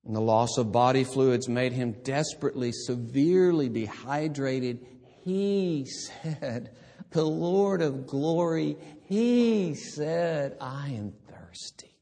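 Slow, dramatic male preacher in a hall. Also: medium pitch. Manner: slow, dramatic swings between hushed and loud. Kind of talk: sermon.

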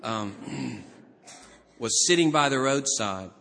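A man from Alabama with a Southern US accent preaching a sermon, telling the story with animated voices. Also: medium pitch, slow, vocal fry, a little hiss or hum. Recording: reverberant hall.

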